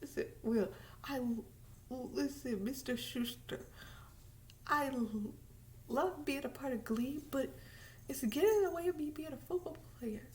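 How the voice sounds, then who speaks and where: A man's voice: very high-pitched, a little slow, long pauses, a little mellow, far from the mic, slight background noise. A woman voicing an earnest teenage male football quarterback who stammers and pleads while torn between his team and glee club. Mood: hesitant.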